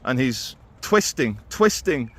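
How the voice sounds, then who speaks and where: A man talking through his opinions in a casual, animated monologue to camera. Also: mid-range voice, slow pace. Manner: conversational and animated, with quoted impressions. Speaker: video commentator.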